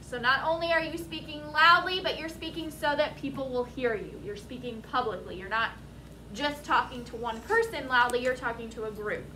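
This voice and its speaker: Woman teacher, high voice, unhurried vocabulary lesson, echoey classroom. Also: bright, forceful tone, a little hiss or hum. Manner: slow, deliberate, spells words out letter by letter. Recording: echoey classroom, mic at a distance.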